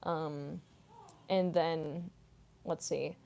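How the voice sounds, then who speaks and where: A woman's voice: low voice, fairly even intonation, drawn-out words, gravelly, mellow. A young woman voice actress answering fan questions in a casual, chatty way, using lots of filler words. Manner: chatty, many "like" fillers, explaining technique. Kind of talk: casual Q&A vlog.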